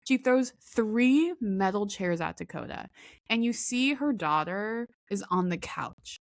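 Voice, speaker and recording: Woman, podcast co-host, casual chat, animated storyteller, lots of fillers, middle pitch, dry close sound. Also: a little slow, dry recording. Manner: animated storyteller, acts out quotes, many fillers.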